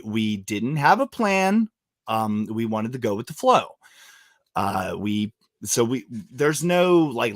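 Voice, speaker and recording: A man's voice: lowish voice, no echo, studio quality. A man from West Virginia hosting a casual podcast, telling stories with plenty of swearing and laughter. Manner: animated storyteller, swears freely, laughs often. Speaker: podcast host.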